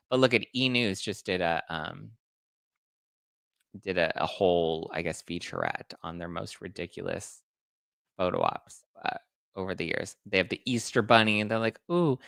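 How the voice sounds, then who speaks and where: A man's voice: deep voice, very animated, normal speed, gravelly, fairly bright tone, clean tone, dry recording, studio quality. A man hosting celebrity gossip commentary, chatting to viewers in a gossipy way while he reacts to photos. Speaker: host.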